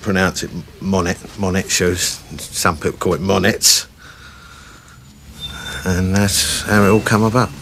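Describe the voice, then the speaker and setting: A man's voice: sits low, fairly even intonation, normal speed, few pauses, a bit bright, slight background noise. A man, a shoe shop owner talking in a chatty, rambling way.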